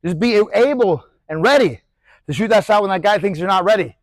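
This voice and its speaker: Chatty, high-voiced boxing coach. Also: male voice, brisk, dry recording, rough recording. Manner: animated, demonstrates punches with shouted sound effects; loose, chatty, swears casually. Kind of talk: casual instructional talk.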